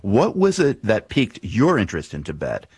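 Deep-voiced male podcast host. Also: wildly swooping pitch, moderate pace, a little mellow, breathy edge, no echo, studio quality. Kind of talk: interview questions.

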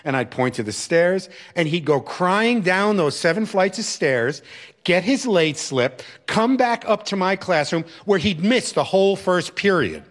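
A man's voice: high voice, lively intonation, unhurried, a bit bright. A middle-aged man and educator telling a personal story in an emphatic, reflective way.

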